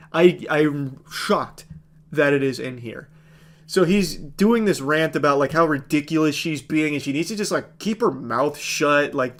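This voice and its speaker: Man, movie review rant, sarcastic, exasperated, swears a lot, slightly high voice. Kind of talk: ranting movie review commentary.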